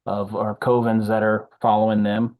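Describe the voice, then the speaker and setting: A man's voice: on the low side, completely flat delivery, moderate pace, darkish tone, rough recording. A man in a casual tabletop gaming chat, explaining ideas in a thoughtful, searching way.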